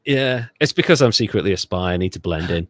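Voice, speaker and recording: A man's voice: sits low, animated, fast, a bit bright, no echo, clean studio sound. A man from Britain co-hosting a history podcast, telling the story in a sardonic, profane, rambling way. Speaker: podcast co-host. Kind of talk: casual podcast chat.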